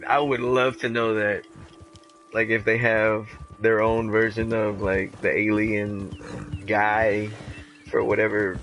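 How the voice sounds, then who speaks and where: A man's voice: on the low side, little pitch movement, slow, fairly bright tone, soft background music, poor audio. A young man chatting casually and crudely while playing a game, often slipping into silly impressions. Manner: crude, joking, full of impressions. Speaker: gamer commentating his play. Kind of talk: casual let's-play chat.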